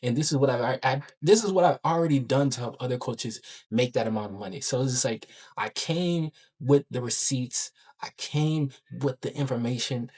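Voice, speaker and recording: A man talking in a casual daily vlog about his coaching work, excited and rambling, full of slang and filler words. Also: medium pitch, moderate pace, hardly any pauses. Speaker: online business coach.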